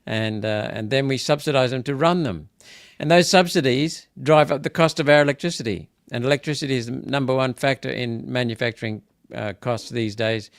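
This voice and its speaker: A man's voice: mid-range voice, fairly quick, vocal fry, hardly any pauses, dry recording. Indignant man, dry sound. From Australia. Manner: indignant, repetitive, rising to emphatic outbursts. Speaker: senator hosting a political wrap-up. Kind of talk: casual live political commentary.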